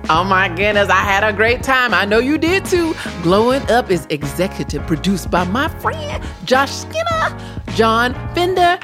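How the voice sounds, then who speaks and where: A woman hosting a podcast in casual chat, enthusiastic and exclamatory. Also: fairly high pitch. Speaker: podcast host.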